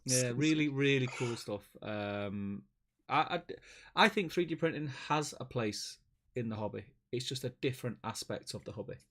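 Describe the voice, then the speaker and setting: A man co-hosting a live stream in casual chat, reading viewer comments aloud in a relaxed, chatty way. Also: medium pitch, normal speed. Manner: relaxed and chatty, calls his co-host mate. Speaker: stream co-host.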